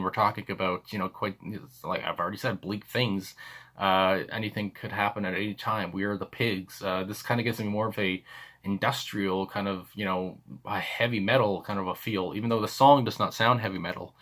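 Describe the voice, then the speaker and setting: Canadian guy rambling through a song reaction, lots of ums, kinda bright forceful tone. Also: lowish voice. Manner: rambling, many fillers, chuckles often. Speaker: music reaction channel host. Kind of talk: casual reaction commentary.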